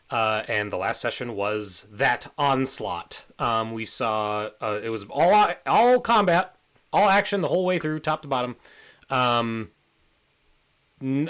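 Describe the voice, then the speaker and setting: A man narrating as game master of a tabletop game, relaxed and rambling with many fillers. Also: mid-range voice.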